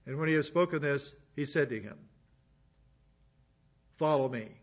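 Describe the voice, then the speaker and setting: A man's voice: a little high, fast talker. Man preaching in a lo-fi recording. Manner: conversational Bible teaching with asides. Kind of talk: sermon.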